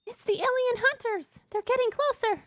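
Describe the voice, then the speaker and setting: Woman voicing squeaky panicky girl Ella. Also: moderate pace, dry recording. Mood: alarmed. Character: frightened young woman Ella in a script.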